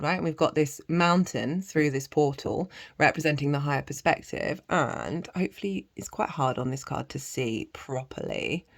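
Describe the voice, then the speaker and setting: A British woman giving a casual, animated tarot reading, chatty and swearing freely. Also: low-pitched. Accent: British English. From Britain. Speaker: tarot reader.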